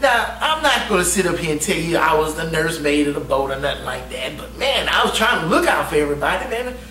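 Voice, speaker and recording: A man casually telling a navy story, animated and profane and laughing often. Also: on the high side, quick pace. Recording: roomy echo, distant mic, faint hum.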